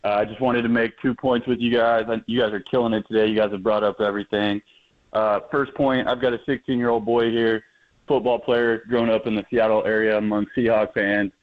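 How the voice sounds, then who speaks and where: Low-voiced middle-aged male caller on phone. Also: flat delivery. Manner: halting, heartfelt, many uhs. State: downcast. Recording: phone line.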